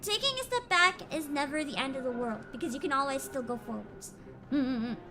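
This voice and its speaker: A woman streaming a video game, chatting casually and getting emotional, with loud outbursts and laughter. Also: high-pitched, animated, brisk, music in the background. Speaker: VTuber streamer. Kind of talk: casual game livestream chat.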